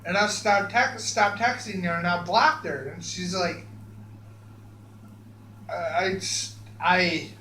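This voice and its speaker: A man with a high voice tells a rambling story at an unhurried pace, swearing freely and tripping over his words. The sound is echoey, with a faint hum underneath. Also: pushed and bright. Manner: profane, stammering with many restarts.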